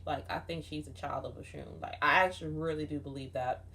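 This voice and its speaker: Low-voiced woman rambling through a dream story. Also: steady tone, fairly quick, gravelly, pushed and bright. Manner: rambling, profane, frequent "like" fillers. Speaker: vlogger recounting a dream. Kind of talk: casual storytelling monologue.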